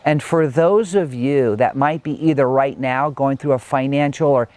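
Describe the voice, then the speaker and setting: A middle-aged man giving a personal motivational talk from his home, earnest and reflective, chatty and sometimes animated. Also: medium pitch, moderate pace, no room sound. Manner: earnest and reflective, chatty with frequent "like" and "you know"; animated when recounting, with light laughs. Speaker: motivational speaker.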